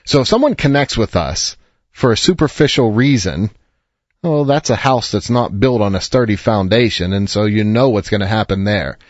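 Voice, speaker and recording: A man's voice: fairly low pitch, animated, normal speed, no echo, dull audio. A man hosting an advice show, counseling a caller earnestly and reassuringly, sometimes telling a story.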